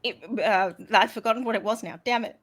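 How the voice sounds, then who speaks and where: A woman's voice: medium pitch, brisk, a bit bright. A young adult woman running a tabletop game as game master, giggly and a bit scattered.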